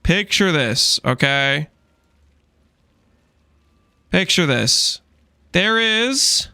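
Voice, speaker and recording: A young man chats on a game stream in a high, clear, smooth voice. He spins his stories with theatrical flair and keeps checking in with "okay?". The sound is dry and close. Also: sharp tone, no echo. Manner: theatrical storyteller, repeats "okay?" for emphasis. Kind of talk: casual live-stream chat.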